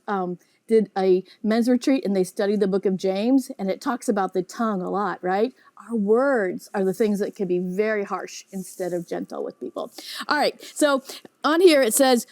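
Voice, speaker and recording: A woman teaching a children's Bible lesson, animated and often asking the kids questions. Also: high voice, no echo.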